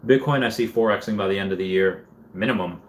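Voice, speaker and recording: A man hosting a casual livestream, reading chat comments aloud and thinking out loud in a rambling way. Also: deep voice, fairly quick, slight background noise. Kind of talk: casual live-stream chat.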